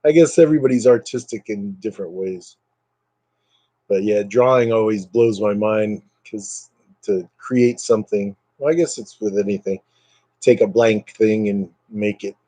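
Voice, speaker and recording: A man hosting a casual livestream, low on energy and a bit fried in the voice, rambling as he answers viewers' comments. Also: dark tone, dry recording. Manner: rambling and chatty, reading out viewer comments, drifting into brief impressions. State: low energy, recovering from illness. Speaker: livestream host chatting with viewers. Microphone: computer webcam mic.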